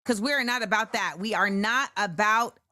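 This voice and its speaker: A woman hosting a show chats animatedly about music during a casual livestream, reacting to viewer comments and breaking into bits of song. Her voice is mid-range at a normal speed.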